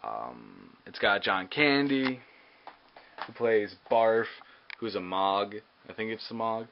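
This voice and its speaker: A man's voice: fairly low pitch, lively intonation, takes it slowly, gravelly. A man giving a casual movie review, hesitant and full of ums and uhs. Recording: dull lo-fi recording with faint hiss.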